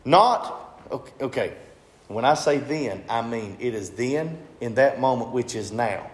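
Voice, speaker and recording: A man's voice: medium pitch, animated, unhurried. Man preaching in an echoey room. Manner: asks the congregation questions and repeats phrases. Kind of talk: sermon.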